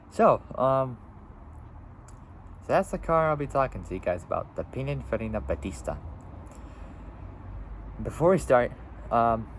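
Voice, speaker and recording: A man's voice: medium pitch, sing-song, takes it slowly, long pauses, slight background noise, poor audio. A seventeen-year-old boy vlogging outdoors, rambling casually with lots of fillers and restarts. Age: teens. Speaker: YouTuber. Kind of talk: casual vlog.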